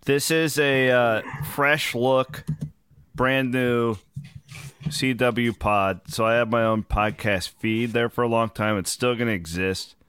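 A man hosting his podcast in casual chat, hoarse from travel, telling loose, rambling stories with the odd swear. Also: medium pitch, fairly even intonation, slow, a bit bright, dry recording, studio quality. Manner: loose, rambling, profane storytelling. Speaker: podcast host.

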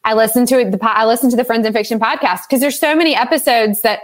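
A woman's voice: fairly high pitch, quick pace. A woman co-hosting, chatting casually with lots of "like" fillers during a video chat. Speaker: co-host.

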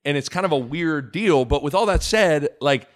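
A man's voice: fairly high pitch, moderate pace. Guy hosting a sports podcast, voice swings up and down a lot, jokey and rambly. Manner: animated, rambling with restarts, jokey. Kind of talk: casual sports chat.

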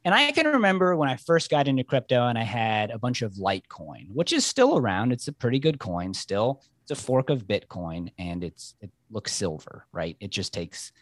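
A man chatting as a podcast guest, telling lively, rambling stories. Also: medium pitch, moderate pace, few pauses, dry recording, studio quality. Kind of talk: casual chat.

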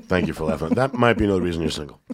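A man, a guest comedian, telling stories in a casual podcast chat, stammering and restarting as he goes. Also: sits low. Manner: animated storyteller, stammers and restarts.

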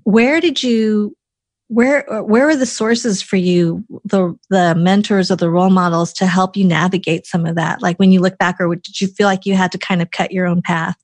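A woman's voice: medium pitch, fairly even intonation, moderate pace, no room sound. A woman hosting an interview, affirming and attentive as she reflects and asks questions. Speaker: interviewer, host. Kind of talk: conversational interview.

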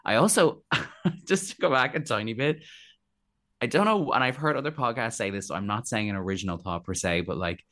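A man chatting as a podcast guest, animated and quick to act out other people's lines in playful voices. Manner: animated, acts out quoted voices in high pitch. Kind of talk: casual chat.

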